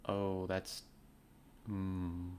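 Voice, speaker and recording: Joking low-voiced man streaming a game. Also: monotone, drawn-out words, darkish tone, a little hiss or hum. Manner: playful, joking asides. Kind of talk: let's play commentary.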